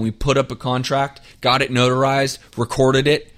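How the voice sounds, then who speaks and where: Man, podcast host, energetic, direct, coaching, repeats his points, mid-pitched voice. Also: normal speed, few pauses. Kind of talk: motivational podcast monologue.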